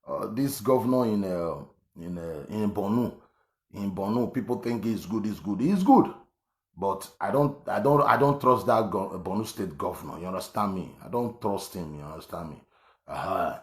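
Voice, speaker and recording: A man's voice: lowish voice, animated, normal speed. A Nigerian man around fifty, talking politics in an emphatic, repetitive way, with many fillers and restarts. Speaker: online commentator. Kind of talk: political commentary monologue. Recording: echoey room.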